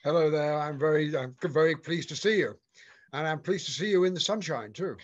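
An older man, a guest author, answering interview questions in a measured, articulate way over a video call. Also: on the high side, highs cut off.

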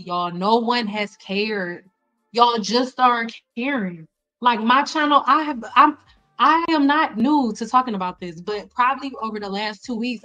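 A middle-aged woman cosmetologist hosting a casual live stream, blunt and animated, talking straight to her viewers with slang and exasperated repetition. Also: mid-range voice, low-quality recording. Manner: frequent laughs and exasperated repetition. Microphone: desk mic.

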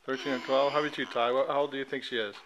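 A woman's voice: very deep voice, steady tone, very fast, lo-fi sound, slight background noise. A woman in a casual home video, prompting children with playful, coaxing questions. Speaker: adult filming and prompting children.

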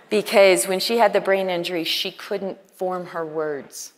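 With reverb from a large conference hall around her, a woman with a lowish voice delivers a sermon at a women's conference at normal speed, hardly pausing. She's earnest and conversational and frequently quotes dialogue.

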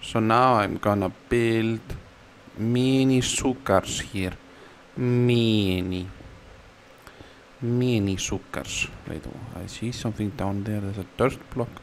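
A man casually commenting on his game, playful and sing-song, now and then squealing words in a high silly voice. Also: unhurried, slight background noise. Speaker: gamer.

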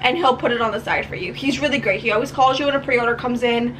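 High bright-voiced young woman gushing. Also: fast talker, slight background noise, low-quality recording. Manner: gushing, rambling, laughs often. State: tearful. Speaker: book vlogger. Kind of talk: casual vlog chat. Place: home room.

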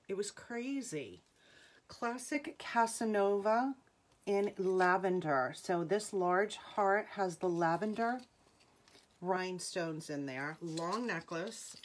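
Slow-talking New England woman selling jewelry live. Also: on the low side. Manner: chatty, calls out item numbers and sales. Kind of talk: live shopping stream, chatting with viewers.

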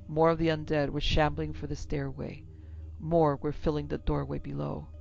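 A woman tells a horror tale in a steady, measured, gravelly voice that stays within a narrow range. The audio is a bit muffled, with faint music playing under the narration. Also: low-pitched. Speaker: narrator and producer. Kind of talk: scripted horror story narration. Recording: slightly dull lo-fi with music.

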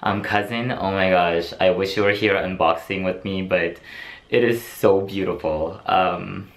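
A man's voice: low voice, a little slow. A young man filming a casual unboxing vlog, gushing and breathless, repeating himself and trailing off mid-sentence. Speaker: vlogger unboxing a handbag. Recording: echoey room with faint ambience.

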